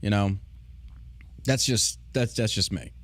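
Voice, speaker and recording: A man's voice: fairly low pitch, slow, fairly bright tone. A man hosting a podcast, ranting in casual, profane, sarcastic commentary. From United States. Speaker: podcast host.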